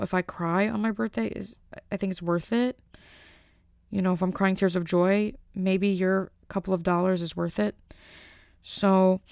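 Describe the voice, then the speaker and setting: Us woman rambling on her own podcast, jokes and tangents, lots of "like", kinda gravelly, dry close mic. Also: lowish voice, darkish tone, dry recording. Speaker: podcast host. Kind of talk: casual solo podcast chat.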